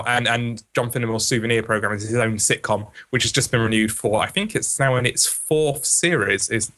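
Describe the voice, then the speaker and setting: A man's voice: fairly low pitch, sharp tone. A man co-hosting a casual podcast, breezy and enthusiastic as he talks up a sponsor. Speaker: co-host. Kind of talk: casual podcast chat, reading an ad.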